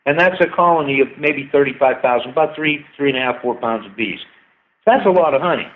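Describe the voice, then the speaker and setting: A man's voice: mid-range voice, animated, a little fast. A man, a guest scientist, talking at length and with enthusiasm in a casual interview. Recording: tinny phone-like line.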